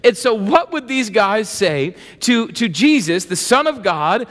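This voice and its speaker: A man preaching a sermon with playful asides, acting out voices and lively emphasis. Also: high voice, a little slow. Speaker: pastor. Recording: long reverb of a large hall.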